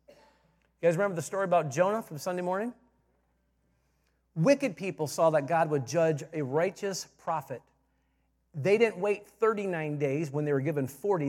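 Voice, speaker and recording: A male pastor with a high-pitched voice gives a sermon in a church sanctuary, his words ringing with long reverb. He slips into quiet asides, then rises to loud, emphatic points, repeating key phrases for effect.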